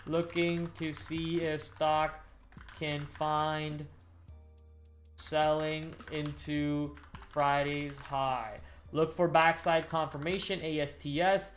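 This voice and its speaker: A man hosting a stock trading livestream, chatting casually to his viewers and slowly dictating notes on trades as he types. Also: on the high side, flat delivery. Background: faint background music.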